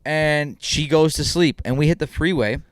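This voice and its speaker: A young man co-hosting a podcast, telling a funny story in an animated way and acting out the people in it. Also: on the high side, normal speed, no room sound. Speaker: podcast co-host. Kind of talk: casual chat, storytelling.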